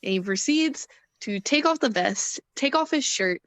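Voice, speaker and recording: A woman's voice: sits high, lively intonation, normal speed, no echo. Young woman, interview guest, casual storyteller who laughs a lot; dry close recording. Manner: chatty, laughs often, acts out quotes.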